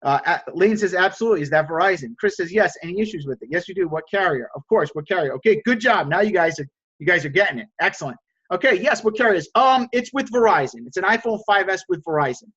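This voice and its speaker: Man, high voice, energetic sales coach, video call, lo-fi sound. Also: quick pace, slightly rough. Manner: energetic, reads out answers and acts out dialogues.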